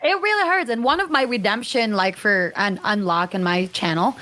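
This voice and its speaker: A woman from the Philippines, chatting as a guest on a casual podcast. She speaks expressively and is quick to react. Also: mid-range voice, pushed and bright. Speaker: guest, streamer and actress. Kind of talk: casual interview chat.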